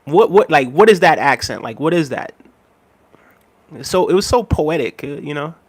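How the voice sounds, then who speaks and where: A man with a slightly high voice chats casually on his live stream. He reads out viewer messages, laughs often and rambles, repeating his phrases. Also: animated, moderate pace, slightly rough.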